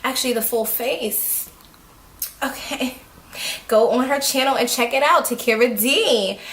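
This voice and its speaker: A woman's voice: a little high, measured pace. A young woman vlogger casually telling a story, acting out what people said and laughing often. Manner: animated, acts out quotes, laughs often. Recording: echoey room.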